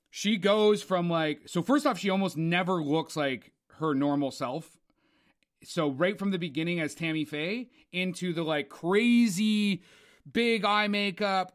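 A man chatting casually about film awards, rambling with lots of fillers. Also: on the high side. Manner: rambling, filler-heavy, enthusiastic. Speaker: co-host.

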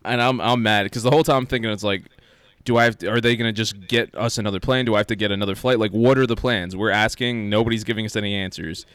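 A man in casual podcast chat, telling an animated story and acting out what people said. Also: on the low side, fast talker, few pauses, clear, resonant tone, dry recording. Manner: animated storyteller, acts out quoted lines.

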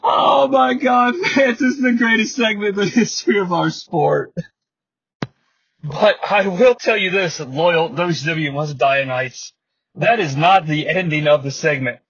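A man's voice: a little high, a little slow, a bit bright, breathy edge, no room sound. A man hosting a podcast, recapping old wrestling with wry humor, frequent laughter and rambling asides. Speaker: podcast host. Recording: dry, slightly muffled podcast mic.

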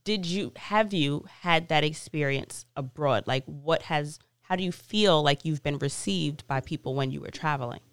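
A woman hosting a podcast, casually interviewing and reacting with quick interjections. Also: low-pitched, clear, resonant tone, dry recording, clean studio sound. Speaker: podcast host.

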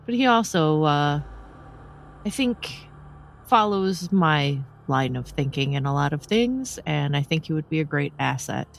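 Mid-pitched gravelly player, casual hesitant in-character talk. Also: lively intonation, moderate pace, few pauses, a little hiss or hum. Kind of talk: casual tabletop role-play.

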